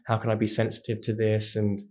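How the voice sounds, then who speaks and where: Guy in his 30s, animated storyteller, chatty podcast guest. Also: on the low side, fairly quick. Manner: animated, acts out voices in anecdotes. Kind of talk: casual storytelling chat.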